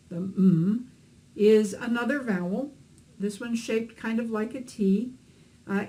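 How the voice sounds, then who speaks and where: A woman's voice: a little high, dark tone, rough recording. A woman teaching beginners to read Hebrew, explaining letters and vowels patiently with a few fillers. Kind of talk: instructional lesson narration.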